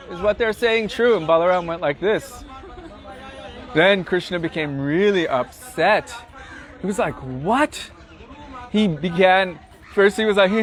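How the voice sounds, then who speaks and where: A man guiding a pilgrimage, telling devotional stories with dramatic, animated delivery at an outdoor riverside site. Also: high-pitched. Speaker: pilgrimage guide and storyteller. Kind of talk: devotional storytelling on a pilgrimage tour.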